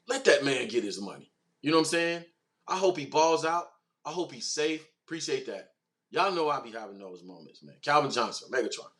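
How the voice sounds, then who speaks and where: Male stream host, animated and slangy, average pitch, riffing with chat. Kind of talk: casual livestream talk, reading chat comments.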